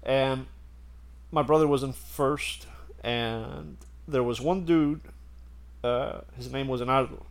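A man's voice: medium pitch, fairly even intonation, takes it slowly, creaky, pauses often. A man telling a story in casual chat, rambling and laughing as he goes.

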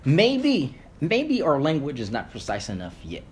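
As a guest on a podcast, a man raised speaking Creole chats casually, rambling with animation, cursing and often restarting with lots of fillers. His voice is medium-pitched at a normal speed, with slight background noise.

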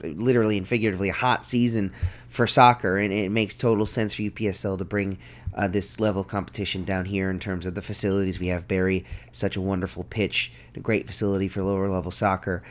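A man's voice: sits low, little pitch movement, quick pace. A man hosting a soccer podcast in a casual, upbeat and welcoming way. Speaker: podcast host.

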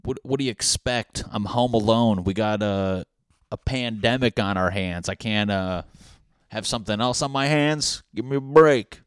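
A man's voice: on the low side, moderate pace, clean tone, dry recording, studio quality. A man in a casual comedic rant at home, crude and profane, rambling with lots of fillers. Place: home apartment.

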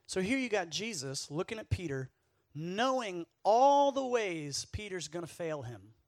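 Young male youth speaker, high-ish and dry, sweaty and worked up, chatty sermon full of asides. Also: measured pace, no room sound. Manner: energetic, jokey storytelling with asides to the audience.

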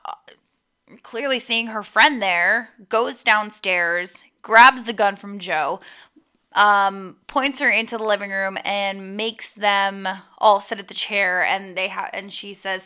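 Bright, clear-voiced young woman vlogger. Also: mid-range voice. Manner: chatty, lots of ums and likes, swears freely; talks straight to her viewers. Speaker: vlogger recapping a horror movie. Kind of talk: casual spoken movie recap.

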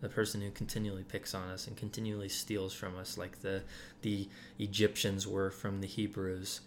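A man's voice: low voice, little pitch movement, moderate pace, slight background noise. A man giving casual Bible teaching to a group, talking loosely with many fillers and restarts.

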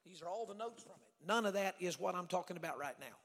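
Husky older evangelist preaching in a hall. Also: male voice, high-pitched, lively intonation, fast. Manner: folksy storytelling, builds to shouting. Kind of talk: sermon. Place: church sanctuary. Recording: church hall reverb.

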